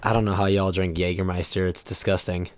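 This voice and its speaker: A man with a notably deep, low voice chats casually on a podcast, teasing dryly. He is recorded close and dry, with no room sound. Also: level tone, brisk, no room sound. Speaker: podcast co-host. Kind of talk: casual chat.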